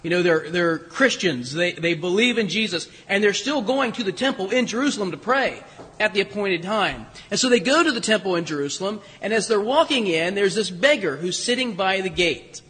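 A man's voice: high voice, animated, a little fast, a bit bright, husky, big-room sound. A man preaching a sermon as pastor in a church, telling the story conversationally with humor and plenty of restarts. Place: church sanctuary.

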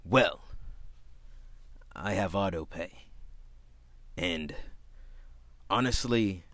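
A man putting on the voice of a soft-spoken, overly proper grown man complaining about his bill. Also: deep voice, no room sound, pitched below the performer's own voice, full character voice. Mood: prim, hushed. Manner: slow, quiet, overly proper.

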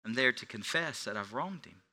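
A middle-aged male pastor preaching a sermon, swinging between quiet confession and loud, forceful preaching. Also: mid-range voice, expressive, normal speed.

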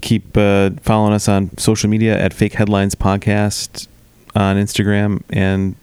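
A man's voice: fairly low pitch, completely flat delivery, measured pace, darkish tone, clear, resonant tone, no echo. A man with a Southern US accent co-hosting a casual podcast, joking and laughing through his asides. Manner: laughs a lot, jokey asides. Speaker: podcast co-host.

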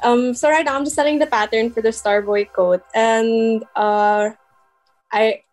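A young woman with a slightly high voice chats easily about her craft, laughing often and filling with "like" and "um." Faint music runs underneath. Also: steady tone, a little slow, darkish tone. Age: young adult. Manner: giggly, chatty, many fillers. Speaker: guest, crochet shop owner. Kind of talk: casual interview chat.

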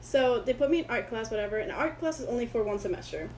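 A woman's voice: a little high, lively intonation, fast, darkish tone, a little hiss or hum, poor audio. A woman whose first language is Spanish, a guest in a casual interview, telling rambling stories and acting out what other people said. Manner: rambling storyteller who acts out quoted people.

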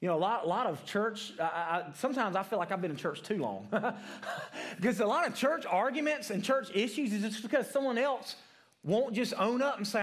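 A man's voice: high voice, expressive, brisk, a bit bright. A man giving a conversational sermon to adults, often asking the room questions and ending points with "right?", with many repeated words and restarts. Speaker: preacher.

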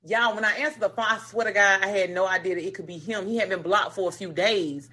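A woman co-hosting a casual podcast, telling stories loudly with heavy profanity and frequent laughter. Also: mid-range voice, fast, slightly rough. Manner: loud, profane, animated storytelling with laughter. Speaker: podcast co-host. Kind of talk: casual storytelling chat.

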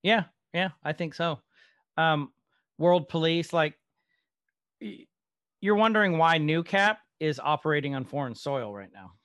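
A man co-hosting a casual TV-show podcast, talking in an animated way and laughing often. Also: on the high side, unhurried, long pauses, dry recording, clean studio sound. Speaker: podcast co-host. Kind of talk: casual chat.

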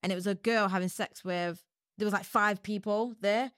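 A young woman guesting on a podcast, chatty and rambling, quick to laugh as she talks. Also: medium pitch, fairly even intonation, fairly bright tone, no room sound, clean studio sound. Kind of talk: casual podcast chat.

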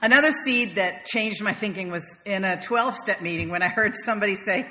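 Bright-voiced woman preaching. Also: medium pitch, a little fast, big-room sound, a little hiss or hum. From American South. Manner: conversational, wry storytelling with light laughter. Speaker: minister. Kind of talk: sermon.

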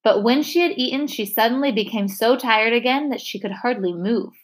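A woman reading a novel chapter aloud, steady and expressive. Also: a little high, a little fast. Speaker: reader.

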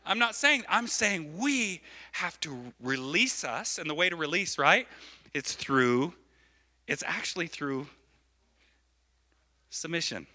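Man, pastor, sermon, fairly high voice, very tense bright tone, keeps asking "right?". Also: slow pace, long pauses. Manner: animated, repeats phrases, keeps asking the crowd "right?". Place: church.

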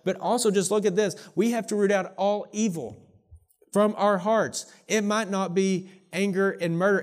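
A man preaching a sermon from the pulpit with a slightly higher-than-usual voice. He moves between soft, hushed passages and emphatic, rising declarations, earnest throughout. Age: young adult or middle-aged, parent of young children. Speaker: pastor.

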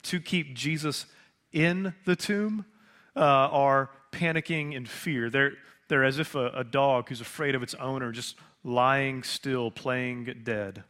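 Bright-voiced man preaching a sermon. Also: medium pitch. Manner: conversational, rhetorical questions, dramatic pauses. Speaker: pastor.

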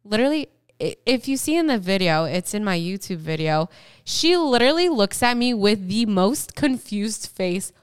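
A young woman co-hosting a casual podcast, her voice strikingly clear and smooth. She tells stories in a chatty, animated way, at a middle pitch for a woman. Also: normal speed. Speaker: podcast co-host. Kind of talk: casual chat.

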